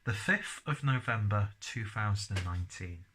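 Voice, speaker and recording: A man's voice: fairly low pitch, lively intonation, moderate pace, noisy background. A man giving a casual beer and snack tasting review, chatting as he chews. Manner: chatty, talks while chewing.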